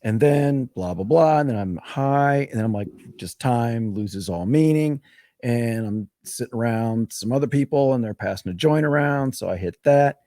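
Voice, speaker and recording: A man's voice: medium pitch, lively intonation, moderate pace, dark tone, dry recording, studio quality. A man telling a long, rambling, profane story in a casual podcast chat. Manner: rambling, profane, laughs through his own story.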